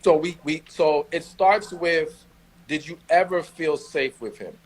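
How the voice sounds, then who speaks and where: A man's voice: fairly high pitch, a little slow, slight background noise, low-quality recording. A man with a New York accent giving blunt relationship advice on a podcast, emphatic and slangy. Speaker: podcast co-host. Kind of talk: casual advice chat.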